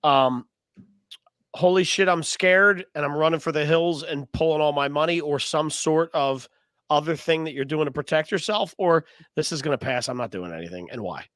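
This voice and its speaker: Man, podcast co-host, joking and profane, slightly high voice, dry sound. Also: normal speed, fairly bright tone, dry recording. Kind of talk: casual chat.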